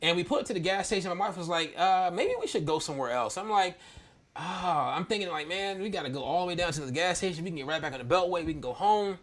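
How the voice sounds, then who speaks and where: High-voiced man telling a candid story. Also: quick pace, a little hiss or hum. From Maryland, US. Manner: animated, laughing, slangy storytelling. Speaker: church podcast host.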